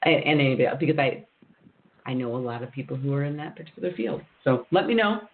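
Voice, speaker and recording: A man's voice: mid-range voice, fast. A man hosting an interview show, chatting easily and affirming his guest over a tinny phone line. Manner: chatty, with steady affirming murmurs. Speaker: podcast host. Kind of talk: casual interview chat.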